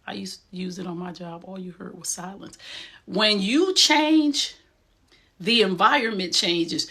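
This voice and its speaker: Bright-voiced New woman, emphatic. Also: on the high side, husky. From Essex County, New Jersey. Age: middle-aged. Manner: direct and emphatic, streetwise. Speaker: host. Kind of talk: motivational talk.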